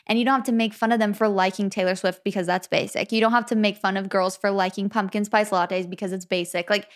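A woman's voice: medium pitch, fairly even intonation, fast. Giggly young woman from Arizona. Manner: giggly, chatty storytelling. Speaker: podcast co-host. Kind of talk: casual chat.

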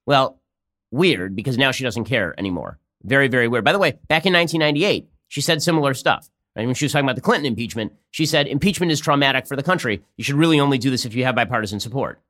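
A male podcast host delivering political commentary at a fast clip. His tone stays sarcastic and mocking. His voice sits at a middling pitch for a man. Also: expressive, a bit bright.

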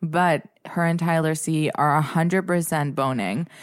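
This woman joins a podcast as a guest for casual chat. She has a low voice for a woman and rambles, filling her sentences with "like". Her voice is recorded dry and close, with no room echo. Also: steady tone, unhurried. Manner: rambling, heavy use of "like".

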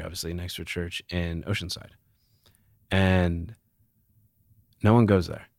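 A man's voice: sits low, no echo, studio quality. A young man in his twenties speaking candidly as a podcast guest, frank and swearing freely. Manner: frank, swears freely, animated when joking.

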